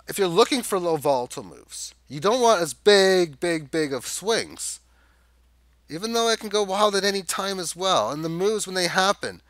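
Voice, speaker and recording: A man's voice: high-pitched, a bit bright, dry recording. A man giving a rambling, casual chart walkthrough, thinking aloud with fillers and restarts. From Canada. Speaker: crypto chart analyst.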